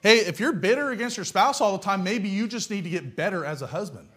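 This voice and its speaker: A man's voice: high-pitched, animated, quick pace, a bit bright. A man preaching a sermon in a blunt, folksy way, firing off rhetorical questions. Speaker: pastor.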